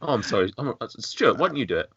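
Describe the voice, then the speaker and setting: A man's voice: mid-range voice, very animated, fast talker, fairly bright tone, breathy edge, no echo. A British man hosting a podcast in casual, jokey banter, often repeating his words. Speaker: podcast host. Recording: dull dry lo-fi audio.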